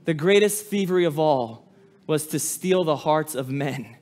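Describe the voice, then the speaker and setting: A pastor preaching a sermon with passion, rising loud on appeals and dropping low and quiet on solemn lines. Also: male voice, fairly quick. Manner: impassioned preaching with sudden drops to a hush.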